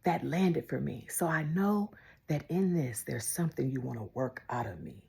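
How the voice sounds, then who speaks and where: A woman preaching a devotional sermon, emphatic and repetitive, moving between loud declarations and hushed whispers. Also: deep voice, animated, moderate pace, vocal fry. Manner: repeats phrases for emphasis.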